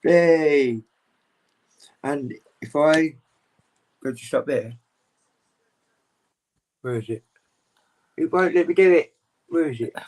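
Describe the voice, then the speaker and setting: A man chatting casually as a guest on a livestream video call, rambling, open and animated. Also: fairly high pitch, slow, long pauses, rough recording. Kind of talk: casual chat.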